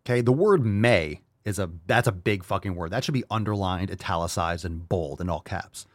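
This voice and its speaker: A man's voice: sits low, moderate pace, dry recording. A man hosting a podcast, delivering a heated, profane opinion monologue with mocking asides. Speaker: podcast host.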